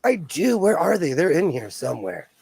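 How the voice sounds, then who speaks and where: A man's voice: on the high side, very animated, moderate pace, vocal fry, noisy background. A man hosting a casual sewing livestream, playful and exclamatory, laughing often as he tries on and shows off clothes.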